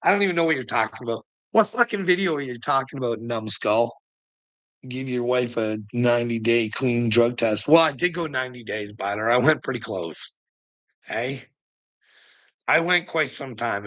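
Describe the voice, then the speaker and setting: A man's voice: medium pitch, a bit bright. A man delivering a profane, mocking rant to the camera, taunting his target and laughing between jabs. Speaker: online commentator.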